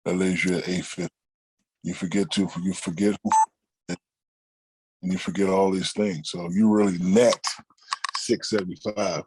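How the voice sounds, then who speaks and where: A middle-aged man, an interview guest, telling stories in a relaxed, conversational way and acting out the people he quotes. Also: low voice, normal speed, long pauses, breathy edge, dry recording. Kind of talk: casual storytelling.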